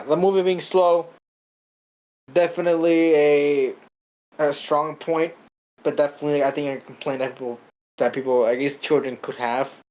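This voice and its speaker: A man's voice: on the high side, a little mellow, highs cut off. Rambling man with stammered restarts. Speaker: podcast co-host. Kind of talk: casual film review chat.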